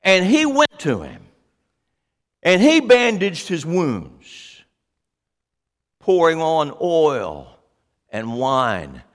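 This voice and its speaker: A man's voice: fairly high pitch, huge pitch swings, extremely slow, long pauses, in a large hall. A man preaching a sermon as pastor, speaking animatedly and putting questions to his congregation.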